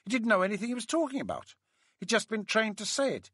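A man voicing a brisk, mockingly disapproving woman colleague in a read-aloud story. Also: high voice, very animated, pushed and bright, slightly rough, no echo, studio quality, pitched above the performer's own voice, full character voice. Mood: scornful.

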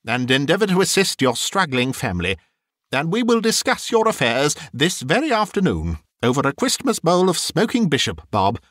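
A man's voice: medium pitch, a bit bright, no echo, studio quality. A man voicing an elderly miser turned giddy and generous, with playful teasing, in an audiobook reading.

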